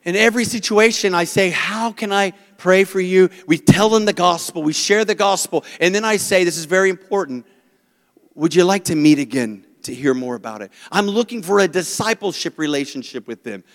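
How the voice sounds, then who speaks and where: A man preaching a sermon as pastor, telling stories with animated voices for the people he quotes. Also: high voice, a little fast, big-room sound.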